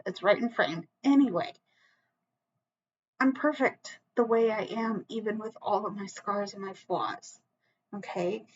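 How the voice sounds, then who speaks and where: This tarot reader, a woman addressing the camera alone, is earnest and near tears, restarting frequently and reassuring viewers with "okay?". Her mid-range voice is unhurried. The recording is muffled, with a little hiss or hum.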